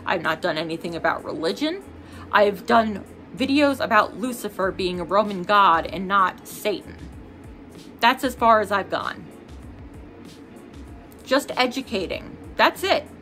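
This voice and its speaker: A woman's voice: mid-range voice, lively intonation, a little slow, pauses often, sharp tone, faint music behind. A young woman vlogger in casual get-ready-with-me chat, angry, heated and swearing as she rants.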